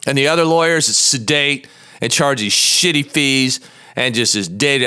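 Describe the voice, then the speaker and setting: A middle-aged man delivers a blunt, combative monologue packed with profanity. His voice is bright and forceful, pitched in an ordinary middle range. He talks like a seasoned lawyer venting against the system he works in. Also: normal speed, smooth. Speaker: podcast host, lawyer.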